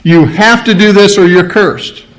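A man's voice: high voice, unhurried, a bit bright, a little hiss or hum, poor audio. A man preaching a conversational Bible-study sermon, full of rhetorical questions and restarts. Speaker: pastor.

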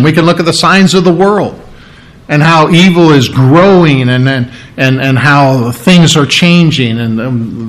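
A man preaching a sermon as a pastor, conversational and animated, often asking his listeners questions and joking, with sore ribs. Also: a little high. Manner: conversational, animated, asks the audience questions, jokes.

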